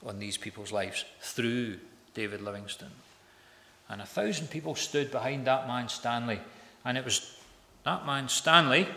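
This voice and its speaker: A man's voice: mid-range voice, bright, forceful tone. A man telling a story as a sermon in a large hall, emphatic, repeating phrases for effect. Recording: echoey hall with long reverb.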